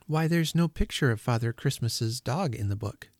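A man voicing an earnest, excited small child in a storybook reading, speaking in a raised, eager voice. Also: medium pitch, normal speed, no room sound, clean studio sound, lightly acted.

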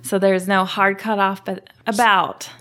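A woman's voice: mid-range voice, level tone, unhurried, fairly bright tone. Woman explaining her craft in detail. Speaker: distillery guest. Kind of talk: casual interview talk.

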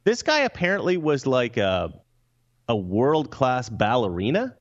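A male co-host with an expressive, up-and-down voice who laughs often and trips over his words as he talks. His audio comes through slightly dull and muffled, as if from a remote line. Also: mid-range voice, measured pace. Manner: laughing, stumbling restarts. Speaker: co-host, film commentator. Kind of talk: casual movie chat.

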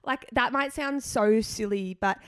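A woman's voice: on the high side, unhurried, a bit bright, smooth, no room sound, clean studio sound. A young Australian woman co-hosting a podcast, chatting playfully and filling her talk with "like". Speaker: podcast co-host. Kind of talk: casual chat.

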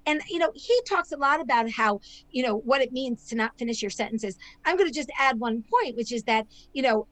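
A woman's voice: sits high, poor audio. A woman scholar and author, a guest on a podcast interview, explaining in a lecturing way and often checking in with "right?". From not Israel; immigrated there.

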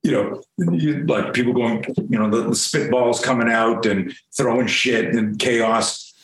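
A man's voice: mid-range voice, unhurried. A man telling a story from his youth in a casual interview, swearing freely and acting out what people said. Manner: profane, animated storyteller acting out quotes. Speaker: guest. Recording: roomy echo.

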